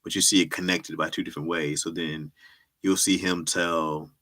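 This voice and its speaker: A man's voice: deep voice, little pitch movement, moderate pace, pushed and bright. A man hosting a livestream, chatting casually with viewers in a laid-back, slangy way and laughing often. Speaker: livestream host and comedy writer.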